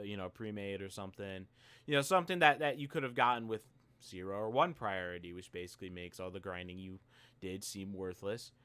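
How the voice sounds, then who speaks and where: With a lowish, sharp, clean voice, a young man creating gaming videos delivers a frustrated, expletive-filled rant over his gameplay. He often repeats himself and restarts his phrases.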